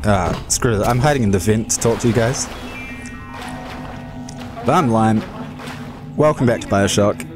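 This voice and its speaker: A man's voice: on the low side, a little slow, pauses often. A man hosting a casual let's-play video, joking around in a goofy, self-mocking way. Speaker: gaming video host. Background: game music.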